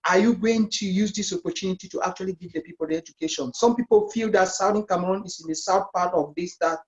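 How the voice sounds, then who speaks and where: A man's voice: high-pitched, quick pace. A man hosting a discussion show, earnest as he asks questions and wraps up. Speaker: talk show host. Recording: dull lo-fi sound.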